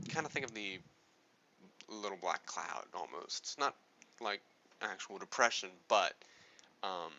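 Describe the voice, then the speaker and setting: A man's voice: fairly low pitch, sharp tone. A man explaining a speaking technique in a casual, rambling way, often restarting his sentences. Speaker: presenter explaining speech moods. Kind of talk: casual spoken lesson. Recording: dull lo-fi recording.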